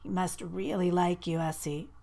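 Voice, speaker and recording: Woman doing a raspy, sleepy teenage girl. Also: fairly low pitch, a little slow. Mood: sleepy teasing.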